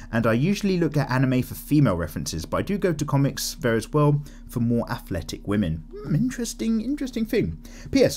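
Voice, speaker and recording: A young man with a medium-pitched, slightly mellow voice chats casually while he draws. He reads viewer comments aloud and rambles candidly off onto tangents.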